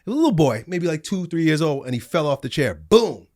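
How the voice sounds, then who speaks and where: A middle-aged man, a guest on a studio podcast, telling animated stories and acting out the people in them. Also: on the high side, brisk. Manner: animated storytelling, acts out voices in anecdotes. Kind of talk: casual studio conversation.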